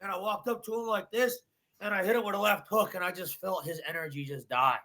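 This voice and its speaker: A male bare-knuckle fighter gives a post-fight interview, pushing each point with intense, repeated phrases. His voice sits a little high and rings sharp and tense. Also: a little fast. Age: adult.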